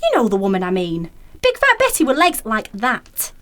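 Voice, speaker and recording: Woman acting blunt gossipy neighbour, radio play, high voice, swooping tone. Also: huge pitch swings, normal speed, fairly bright tone. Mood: gossiping. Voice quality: chatty and blunt, piling up details.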